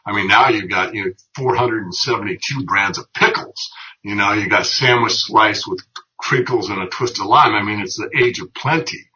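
Deep forceful middle-aged man, rambling. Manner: rambling, earnest, builds long analogies. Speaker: guest. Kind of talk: casual conversation, commentary. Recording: dull lo-fi audio.

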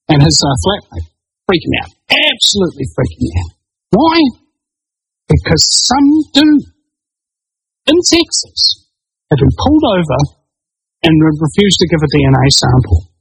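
A man's voice: on the high side, sing-song, measured pace, long pauses, a bit bright, breathy edge, no room sound, poor audio. A man guest on a radio interview, talking in a joking way and acting out the voices of panicked people. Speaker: guest, alternative media show host. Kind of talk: comedic interview talk.

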